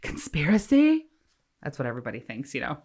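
A woman's voice: sits low, lively intonation, normal speed, fairly bright tone. A woman co-hosting a casual podcast, reading out facts and dropping wry asides. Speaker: podcast co-host.

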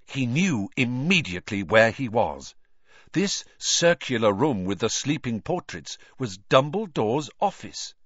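A man narrating a storybook in an expressive reading style. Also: mid-range voice, measured pace, dry recording. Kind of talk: audiobook narration. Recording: dull, dry recording.

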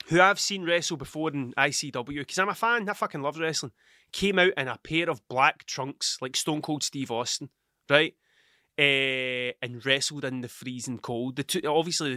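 Dad hosting a solo podcast, rambling and sweary, slightly high, punchy voice, dry close sound. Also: male voice, bright, forceful tone, no room sound. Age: adult with children. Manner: rambling, heavy swearing, loses his train of thought. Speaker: podcast host. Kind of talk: casual solo podcast monologue.

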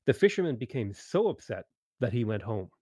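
A man narrating a tabletop game story over an online voice call, reading steadily and now and then clearing his throat. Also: medium pitch, big pitch swings, brisk, darkish tone, no room sound.

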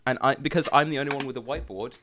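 A man's voice: medium pitch, rapid-fire, noisy background. A young man co-hosting a casual podcast, playful and jokey, chatting and drawing a game. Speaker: podcast co-host. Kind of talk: casual chat.

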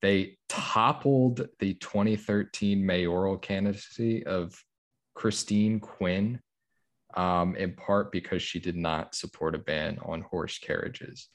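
Male podcast co-host, very low voice, dry joking delivery. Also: slow pace. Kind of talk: casual chat.

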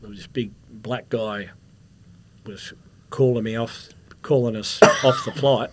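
Low-ish and unhurried, this steady male voice comes with a faint hiss or hum. He's a middle-aged Australian ex-cop turned security contractor, coughing occasionally as he tells wandering stories in a relaxed podcast interview.

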